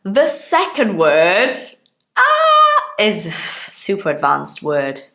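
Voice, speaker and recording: A woman in her thirties teaching English in a relaxed, chatty way. Her fairly low voice moves up and down a lot as she explains words with everyday examples and keeps asking her viewers if they follow. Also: slow, gravelly. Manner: chatty, explains with examples, asks listeners questions. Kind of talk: casual online English lesson.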